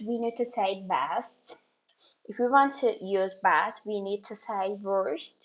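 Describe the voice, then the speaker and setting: A woman teaching an English grammar lesson, explaining step by step with repeated examples and short pauses. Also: a little high, darkish tone. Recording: slightly dull lo-fi audio.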